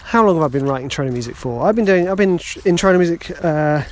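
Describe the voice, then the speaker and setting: A man's voice: on the high side, lively intonation, fast talker, a little hiss or hum. A man hosting a podcast, telling a story in a rambling, chatty, self-deprecating way. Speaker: podcast host. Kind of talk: casual podcast monologue.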